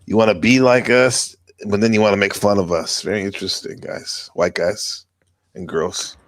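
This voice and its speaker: A man's voice: fairly low pitch, normal speed, no room sound. A man hosting a podcast in casual chat, loose and talkative, laughing often. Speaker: podcast host.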